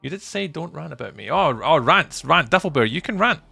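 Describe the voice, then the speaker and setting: Man, heavy vocal fry, bright edgy tone, casual streamer chat, faint music behind. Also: fairly high pitch, fairly quick, no room sound. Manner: reads chat messages aloud and banters; animated, bursts of loud emphasis. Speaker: livestream host.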